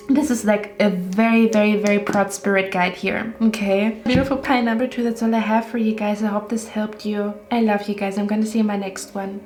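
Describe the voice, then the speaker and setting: A woman's voice: mid-range voice, little pitch movement, a little fast, few pauses, darkish tone. A woman giving a casual tarot reading, chatty and reassuring, often checking in with "okay?". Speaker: tarot reader. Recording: roomy echo with faint music.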